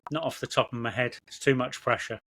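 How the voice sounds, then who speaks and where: A man's voice: medium pitch, fairly even intonation, fast, fairly bright tone. A man co-hosting a podcast, hesitant and self-deprecating in casual chat. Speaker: podcast co-host.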